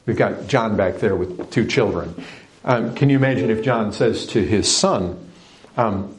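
A man preaching a sermon, emphatic, with sudden surges in pitch and loudness. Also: a little slow.

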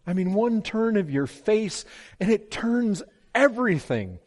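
Fervent preacher in a reverberant hall. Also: male voice, sits high, big pitch swings, measured pace. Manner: fervent, swings from hushed to loud pleading. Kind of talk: sermon.

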